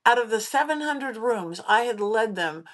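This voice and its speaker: A woman hosting a podcast, a psychic medium telling ghost stories in a casual, animated way and acting out what people said. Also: a little high, normal speed. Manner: animated, acts out quoted voices. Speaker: podcast host. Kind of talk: casual spooky storytelling.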